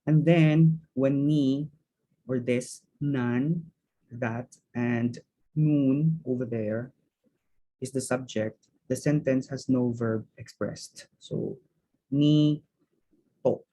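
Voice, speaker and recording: A man's voice: mid-range voice, fairly even intonation, extremely slow, mellow, rough recording. A man teaching a language lesson, explaining grammar step by step in a methodical way and repeating words as he thinks.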